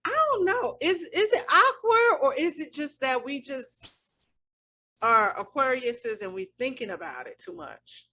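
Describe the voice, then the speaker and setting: A woman with a bright, forceful voice co-hosts a casual podcast chat. She talks at length, thinking aloud and restarting her sentences as she goes. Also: high-pitched, lively intonation, a little slow. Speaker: podcast co-host.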